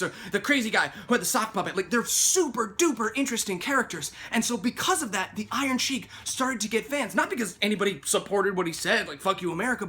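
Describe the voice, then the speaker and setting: Fast-talking man on a comedic rant. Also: high-pitched, a little hiss or hum. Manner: fast, animated, shouting mock quotes.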